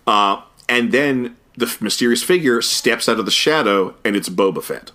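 A man co-hosting a podcast, chatting casually about an animated episode in a thoughtful way with frequent fillers and restarts. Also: medium pitch, moderate pace. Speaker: podcast co-host. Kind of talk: casual review chat.

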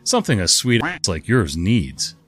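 A man voicing a cocky, overconfident man in his thirties making pushy come-ons, pitched a little above his own voice. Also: huge pitch swings, moderate pace, a bit bright, husky, soft background music, exaggerated voice. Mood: smug.

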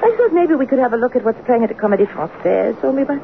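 A woman's voice: a little high, expressive, fast, creaky. A woman in her fifties playing a spirited, teasing French-born wife of an American general in an old-time radio drama. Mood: playful. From France. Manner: affectionate and playful. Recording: tinny, noisy old radio broadcast.

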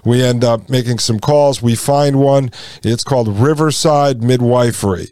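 A man's voice: medium pitch, unhurried, dark tone, dry recording. A man in his forties hosting a podcast, telling a personal story in a casual, conversational way and acting out the dialogue he quotes. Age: 40s. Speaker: podcast host.

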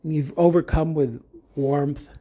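A man's voice: a little high, fairly even intonation, measured pace, warm tone, slight background noise. A man hosting a podcast, talking in a casual monologue with jokey, rambling asides. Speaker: podcast host.

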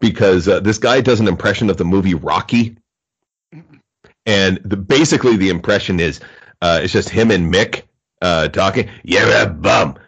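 Low-voiced man telling a comedy story. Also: moderate pace, breathy edge, highs cut off. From Canada. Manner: storytelling, acts out quoted voices. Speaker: podcast co-host. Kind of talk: casual comedy chat.

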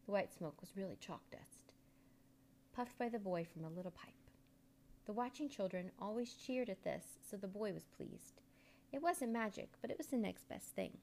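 A woman narrating a children's storybook aloud in an expressive, measured way. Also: mid-range voice, creaky, slight background noise.

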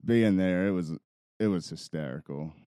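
A young man with a low, warm, smooth voice tells a long, rambling story on a podcast. He swears freely and breaks into laughter as he goes. The recording is dry and close. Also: moderate pace, dry recording. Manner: rambling, profane, laughs while telling a story. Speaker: podcast co-host. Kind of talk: casual storytelling chat.

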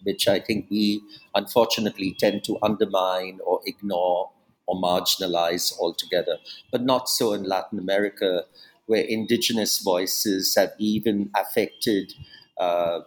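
A man's voice: low-pitched, fairly even intonation, a little slow, rough recording. A man being interviewed about his book, talking in a reflective way with frequent asides and restarts. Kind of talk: academic interview.

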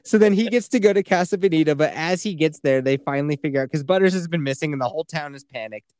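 A man's voice: a little high, quick pace, a little mellow, no echo, clean studio sound. A man in his thirties, a podcast host, telling a story in casual chat, swearing freely and acting out the people he quotes.

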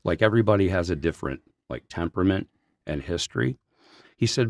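A man's voice: low voice, brisk, no echo, clean studio sound. A man who works as a senior pastor, telling a personal story on a podcast in an earnest, heartfelt way. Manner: earnest, heartfelt, animated in places.

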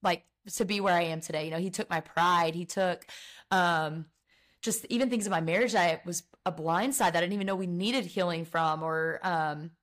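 Speaking at a moderate pace in a lowish voice, this young woman talks earnestly and from the heart about her faith and her book as a guest on a podcast. It's a casual faith conversation, and she uses many filler words.

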